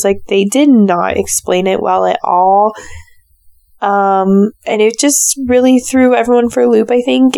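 Woman, hoarse and raspy, gravelly low-toned delivery, chatty and opinionated recap host, dry close sound. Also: darkish tone, no echo. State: hoarse, sore throat. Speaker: reality show recap host. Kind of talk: casual solo recap commentary.

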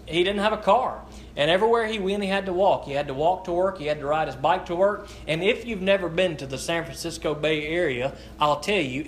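A man preaching a sermon as a pastor, earnest and halting, often restarting his sentences. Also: fairly high pitch, fairly bright tone, slight background noise. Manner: slow, deliberate scripture reading. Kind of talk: sermon with prayer and scripture reading.

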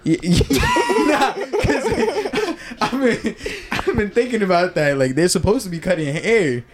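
A man's voice: high voice, sing-song, a little slow, very noisy. A young man from New Jersey hosting a casual podcast chat, laid-back, laughing often and trailing off mid-sentence. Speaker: podcast host.

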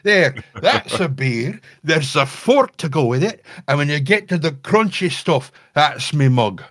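A man doing a loud high-voiced festival showman. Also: fairly even intonation, moderate pace. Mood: teasing. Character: boisterous male festival performer mocking beer.

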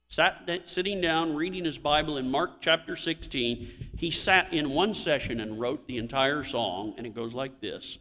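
A man's voice: on the high side, normal speed, bright, forceful tone, big-room sound. A male pastor preaching a sermon in a church, telling stories with emphatic swells of emphasis.

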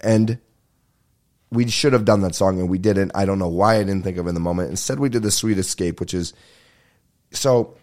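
A young man riffs through a solo podcast in a loose, rambling way. His voice sits on the low side, and he tends to rush his words and swear freely. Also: a little mellow. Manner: rambling, swears casually, fast-talking. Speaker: podcast host. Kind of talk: casual solo podcast chat.

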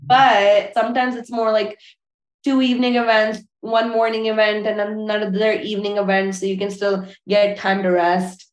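A woman's voice: medium pitch, moderate pace, echoey room, highs cut off. A woman wedding planner chatting casually in an interview, with many fillers and restarts. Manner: relaxed, frequent fillers and restarts.

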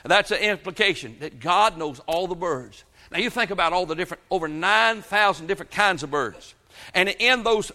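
A man preaching a sermon, his voice bright and pitched a little high. He tells homely stories and calls out amens as he goes. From South Georgia, US. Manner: folksy storytelling with frequent amens. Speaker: pastor.

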